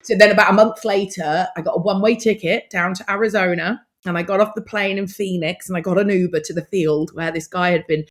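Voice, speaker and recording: A middle-aged woman, a podcast guest telling her story in a lively, expressive way and acting out past conversations. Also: on the low side, a little fast, few pauses.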